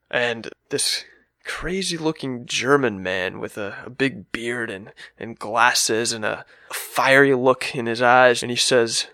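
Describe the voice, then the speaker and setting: A man's voice: mid-range voice, normal speed, sharp tone, no echo, clean studio sound. A man telling a comic anecdote in an offhand, casual way with fillers.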